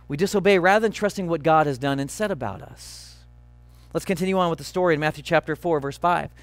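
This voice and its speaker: Male pastor, sermon delivery, emphatic and earnest, high voice, dry sound. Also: no echo. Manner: earnest, emphatic, slowing on key phrases.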